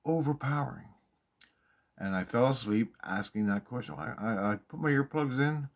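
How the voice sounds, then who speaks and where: A man excitedly telling a personal story, swearing freely and repeating himself for emphasis. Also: mid-range voice, moderate pace. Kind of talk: casual spoken storytelling monologue.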